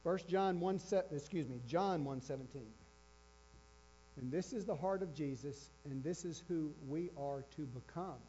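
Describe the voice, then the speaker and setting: A man's voice: fairly high pitch, unhurried, mellow. A man preaching a sermon with emphasis, repeating his key phrases. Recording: dull lo-fi with faint electrical hum.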